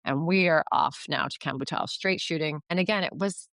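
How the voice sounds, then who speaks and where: Low-voiced chatty woman from Canada. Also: fairly quick, a bit bright, no room sound. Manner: chatty, filler-heavy, acts out quoted dialogue. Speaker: podcast guest, yoga retreat founder. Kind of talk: casual storytelling interview.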